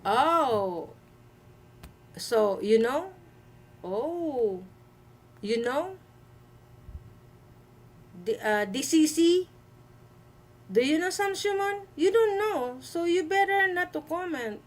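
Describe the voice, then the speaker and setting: Emphatic high-voiced woman streamer. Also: expressive, low-quality recording. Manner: emphatic, repeats herself, halting with fillers. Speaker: livestream host. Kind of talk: live-stream commentary.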